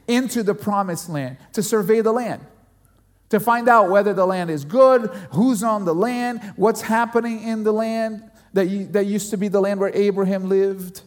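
A pastor with a high voice preaches to his listeners in a lively storytelling way. He often stumbles and repeats words as he builds up to a point. His voice rings with the long reverb of a large hall. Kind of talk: sermon.

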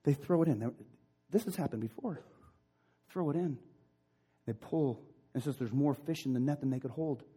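A male pastor delivering a sermon, retelling a story with impassioned emphasis that drops to hushed, intimate passages. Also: mid-range voice, moderate pace, long pauses, breathy edge.

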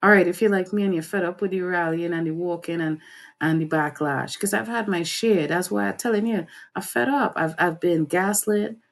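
Woman host going off on a livestream, fiery and preachy, voice jumping all over. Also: moderate pace. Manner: fiery, preachy, swinging pitch up and down. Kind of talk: impassioned livestream commentary.

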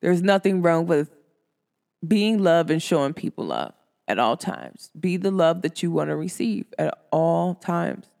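A woman in her thirties, a host talking casually to her listeners in a lively, animated way, acting out quotes with big jumps in pitch. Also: unhurried, creaky, long reverb tail. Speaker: podcast host.

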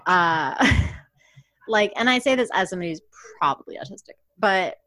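Young woman, podcast co-host, casual and animated, dry close recording. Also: on the low side, no room sound. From Puerto Rican heritage. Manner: animated, quick bursts of excitement and laughter. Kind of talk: casual chat.

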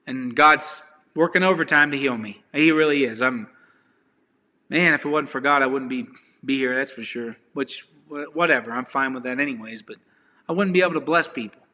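A man's voice: medium pitch, normal speed, bright, forceful tone. Earnest man preaching in a reverberant hall. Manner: earnest, raw and confessional, talks straight to viewers. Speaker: online preacher. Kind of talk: informal testimony and preaching.

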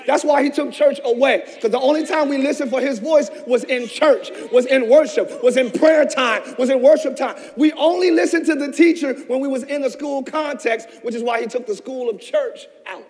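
A pastor with a strikingly high voice delivers a fervent, passionate sermon, swinging between shouted peaks and near-whispered, hushed asides. A long echo carries his words through a church hall.

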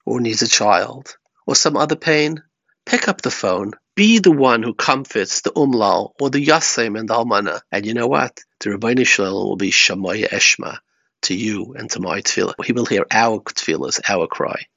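A man's voice: fairly low pitch, lively intonation, moderate pace, creaky, pushed and bright, dry recording. A man giving a Torah talk, telling stories and weaving in Yiddish and Hebrew terms. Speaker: rabbi. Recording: dry, slightly muffled recording.

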